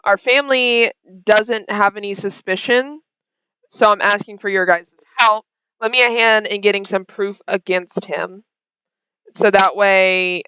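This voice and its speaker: A woman narrating a tabletop game as game master, voicing characters with sudden high-pitched outbursts. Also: bright, forceful tone, smooth, no echo, highs cut off.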